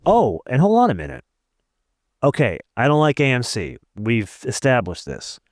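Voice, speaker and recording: A man hosting a podcast interview, joking and chiming in with quick asides. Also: mid-range voice, huge pitch swings, dry recording, clean studio sound. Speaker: podcast host. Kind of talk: casual interview.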